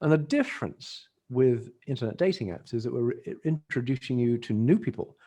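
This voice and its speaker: A middle-aged Englishman who is a dating industry expert talks casually as a podcast guest in a mid-range voice with lively intonation and a dark tone, speaking a little fast. He laughs often and keeps restarting phrases during the interview.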